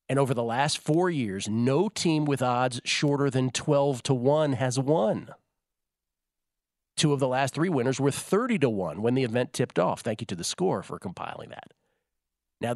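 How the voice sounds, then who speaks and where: A man's voice: mid-range voice, no room sound. Guy hosting a betting show, rambly and chatty, dry close studio mic. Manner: rambling, self-correcting storyteller. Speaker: sports betting show host. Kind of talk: casual studio chat.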